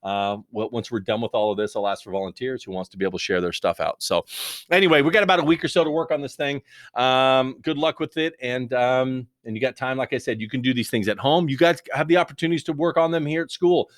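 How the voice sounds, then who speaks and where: A man's voice: medium pitch, fast, no room sound. A man teaching a recorded video lesson in a rambling, joking, conversational way into a close mic.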